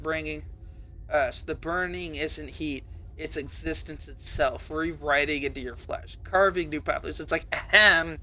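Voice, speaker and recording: A young man streaming live, reading a story aloud and reacting to it with lots of swearing and sudden high, panicked cries. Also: sharp tone, slight background noise.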